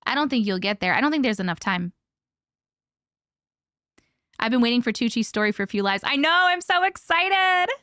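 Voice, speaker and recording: A woman hosting a casual live stream, chatting with viewers and reading stories aloud with hushed dramatic pauses. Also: mid-range voice, no echo, clean studio sound.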